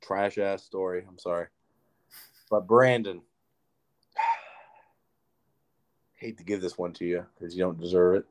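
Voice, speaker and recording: Low-voiced and taking it slowly with long pauses, a young podcast co-host delivers an animated, cursing story in casual chat littered with "like."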